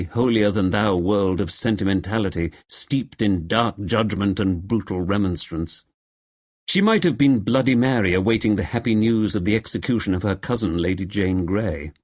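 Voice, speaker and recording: A man narrating a mystery audiobook in a wry, expressive way. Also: fairly low pitch, no room sound. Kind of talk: scripted narration. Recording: slightly dull audio.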